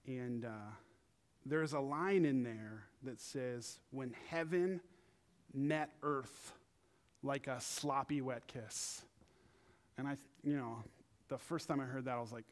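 A young man preaching in a casual, animated way, acting out quotes in funny high voices. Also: slow. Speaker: pastor. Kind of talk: casual sermon.

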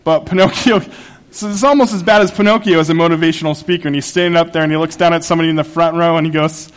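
A man's voice: on the high side, steady tone, racing. A pastor preaching a sermon to his congregation in a conversational, humorous way, laughing at his own asides. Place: church sanctuary.

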